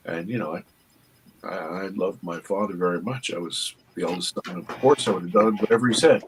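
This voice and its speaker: A man, an interview guest, earnestly telling a personal story with halting restarts. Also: low-pitched, a little hiss or hum, low-quality recording. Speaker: interview guest, documentary producer.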